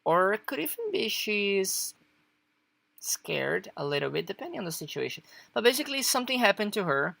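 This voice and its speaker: A woman's voice: mid-range voice, very animated, normal speed, creaky, fairly bright tone, dry recording. A woman teaching Japanese in a casual online lesson, chatty and loose, with lots of fillers and frequent laughs.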